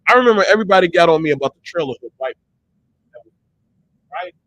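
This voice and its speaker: Profane, animated man with a bright, lively voice. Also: high-pitched, fast, low-quality recording. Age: adult parent. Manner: profane, emphatic, animated, mimics others in quotes. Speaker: online talk show host. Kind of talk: heated casual rant.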